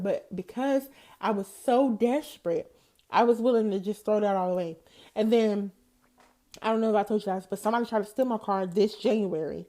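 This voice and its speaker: A woman hosting a faith podcast, telling a personal story in a chatty, animated way and speaking straight to her listeners. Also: medium pitch, fairly quick. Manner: animated, chatty, addresses listeners as "you guys". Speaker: podcast host. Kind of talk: faith-based storytelling monologue.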